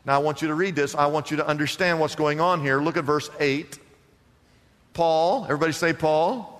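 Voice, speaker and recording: A man's voice: a little high, brisk, fairly bright tone. A man preaching a sermon to a congregation and drawing answers from them with questions, recorded in a church. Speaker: pastor. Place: church sanctuary. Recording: long reverb from a large room.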